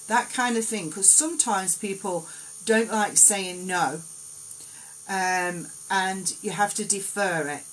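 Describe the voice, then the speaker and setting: A woman giving gentle, reassuring card readings on a live stream, in an unhurried, meandering way. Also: mid-range voice, a little hiss or hum, poor audio. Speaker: psychic card reader.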